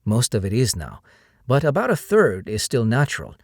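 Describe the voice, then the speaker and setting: A man voicing a proud jungle guide with a Spanish accent, gently teasing, read in an audiobook. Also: medium pitch, wildly swooping pitch, moderate pace, dry recording, clean studio sound.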